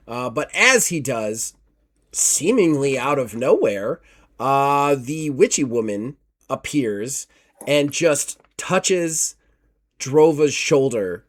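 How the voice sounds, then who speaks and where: Running a tabletop horror session as game master, this man rambles loosely through his narration with plenty of fillers. He speaks at medium pitch, very animated yet slow.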